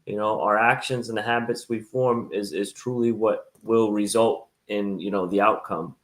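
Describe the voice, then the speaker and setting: A man interviewing a fitness coach, speaking in a halting way with many fillers and restarts. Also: fairly low pitch, fairly even intonation. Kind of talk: casual interview conversation.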